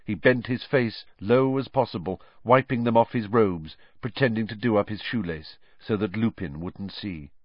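A man narrating a fantasy story aloud with expressive, storytelling delivery, on a dull, dry recording. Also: fairly low pitch, moderate pace, few pauses, dry recording. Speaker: audiobook narrator. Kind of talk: scripted narration. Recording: dull, dry studio audiobook.

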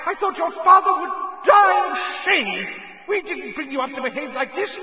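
A man shouting as a furious scolding mother. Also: extremely high pitch, very animated, normal speed, muffled recording, soft background music, voice pushed up. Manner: yelling, scolding.

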